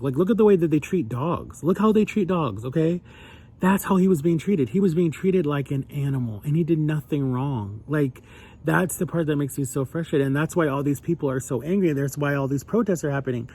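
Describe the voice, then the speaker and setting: A man's voice: fairly high pitch, lively intonation, a little fast, warm tone, slightly rough. A young adult man talking earnestly and emotionally in a personal vlog, his voice climbing when he gets upset. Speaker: vlogger.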